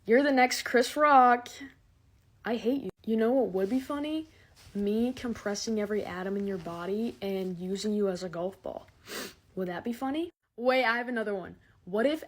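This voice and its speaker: A young woman doing a sarcastic, exasperated comic monologue to a phone camera, swinging from loud outbursts to mumbled asides. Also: mid-range voice, slight background noise. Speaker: comedy TikTok creator.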